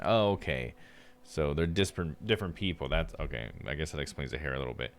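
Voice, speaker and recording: A man's voice: extremely low pitch, fast, noisy background. A man streaming a game, chatting in casual, laid-back asides with chuckles. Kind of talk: casual gameplay commentary. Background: game music.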